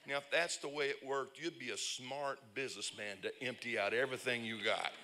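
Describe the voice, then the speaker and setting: A man preaching a lively, humorous sermon, telling stories and breaking into shouts. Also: medium pitch, a little fast, a little hiss or hum. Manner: animated storyteller, bursts into shouts and laughs. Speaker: pastor. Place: church conference service.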